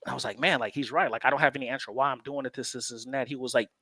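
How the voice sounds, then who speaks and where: A man's voice: medium pitch, fairly even intonation, racing, bright, forceful tone, dry recording. Laid-back man telling a long story. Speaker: co-host. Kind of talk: casual chat.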